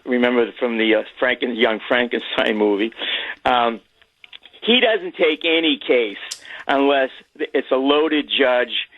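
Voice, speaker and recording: A man's voice: medium pitch, unhurried, dry recording. Man calling in over a tinny phone line. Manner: rambling, filler-heavy, sarcastic asides. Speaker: caller. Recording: phone-line call-in audio.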